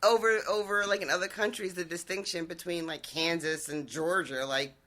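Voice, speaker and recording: A podcast co-host chatting casually about a show, expressive, laughing a lot and swearing freely. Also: medium pitch, normal speed. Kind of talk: casual recap chat.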